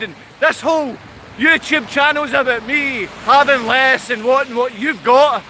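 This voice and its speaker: Ranting live to his viewers, this Scottish-accented channel host sounds intense and combative, hammering the same points over and over. His voice is very high, bright, and forceful at a moderate pace, with slight background noise.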